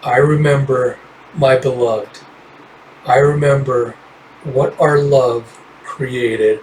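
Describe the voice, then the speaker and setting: A man voicing an ancient, brooding male monster god, speaking slowly in a hushed, heavy way. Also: medium pitch, fairly even intonation, far from the mic, slight background noise, natural voice, poor audio.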